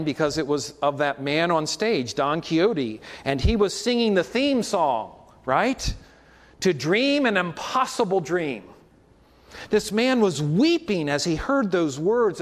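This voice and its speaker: A man's voice: fairly high pitch, big-room sound. A man preaching a sermon as pastor, in a conversational way with frequent asides to the congregation.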